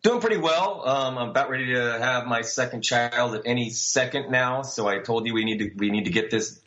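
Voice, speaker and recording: A man's voice: mid-range voice, brisk, fairly bright tone, lo-fi sound. A young man co-hosting a podcast in casual chat, teasing his partner and tripping over his words as he starts sentences. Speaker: podcast co-host.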